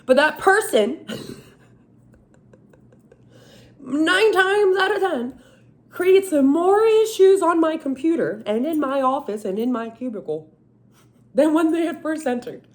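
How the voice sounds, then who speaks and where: A woman venting in a casual, animated monologue, exasperated and self-mocking. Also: high-pitched, slow pace, long pauses. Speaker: vlogger.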